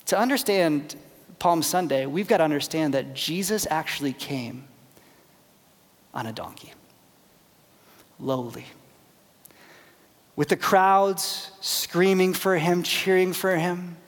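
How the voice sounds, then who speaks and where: A male pastor preaching a sermon, with dramatic swings from loud emphasis down to near whispers. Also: high-pitched, unhurried, long reverb tail.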